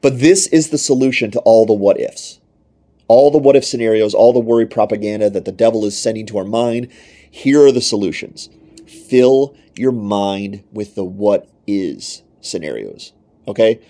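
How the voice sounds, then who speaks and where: A man's voice: on the low side, moderate pace, mellow. A man preaching a sermon emphatically, often repeating phrases to drive a point home. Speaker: pastor.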